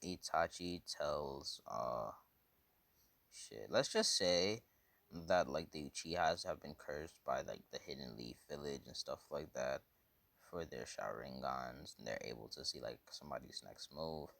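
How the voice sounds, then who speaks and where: A man's voice: extremely low pitch, expressive, measured pace, creaky, a bit bright, no echo. A man casually telling a fan story, rambling and slangy with lots of fillers.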